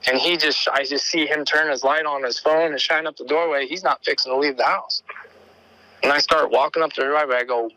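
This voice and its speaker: A man calling in to tell his own story, his voice bright and a bit high. He rambles, trips over repeated words and slips into the voices of the people in it. The sound is dry and close. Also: steady tone, brisk, no room sound, rough recording. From Oregon. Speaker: caller sharing an encounter story. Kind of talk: animated storytelling.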